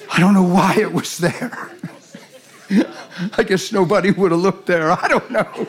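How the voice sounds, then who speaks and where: A man, preaching as a guest speaker in a folksy storytelling way that rises to shouted emphasis. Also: sits high, normal speed. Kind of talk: sermon.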